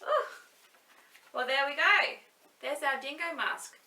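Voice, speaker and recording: Bright, slow-talking children's librarian, a woman. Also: sits high, animated. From Australia. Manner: cheerful, sing-song, playful with children. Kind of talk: online story time for young children. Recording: echoey room, mic at a distance.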